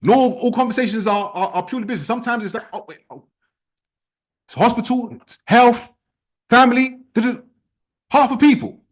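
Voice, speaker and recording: A man leading an online sales team training, talking in a forceful, repetitive, challenging way. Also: very high voice, brisk, pauses often. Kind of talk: motivational training talk.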